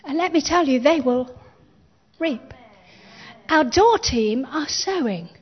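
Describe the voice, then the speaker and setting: A woman pastor preaches a sermon slowly in a high, bright register with lively intonation, lingering over each phrase. She emphatically stresses key words with rising emphasis and calls on the congregation to speak along. The recording is dull and lo-fi, like a church capture.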